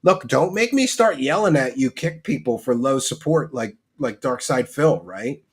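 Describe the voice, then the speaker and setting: Husky, animated male stream host. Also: mid-range voice. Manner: mock-ranting, joking, quick to laugh. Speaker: livestream host. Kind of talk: livestream commentary, reading chat.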